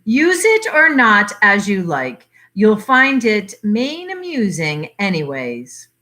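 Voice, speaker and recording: A woman's voice: mid-range voice, huge pitch swings, slow pace, pushed and bright, exaggerated voice. A woman reading aloud, voicing a sly old aunt who has only pretended to be deaf, with broad dialect and knowing chuckles. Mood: confiding.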